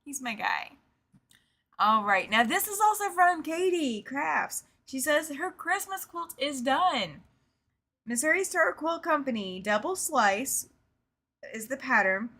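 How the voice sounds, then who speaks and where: Hosting a live quilting show, a woman chats casually, reads viewer comments and laughs easily, often trailing off and repeating herself in this relaxed live-stream talk. Her voice sits high, slow and bright, with lively intonation and a forceful tone.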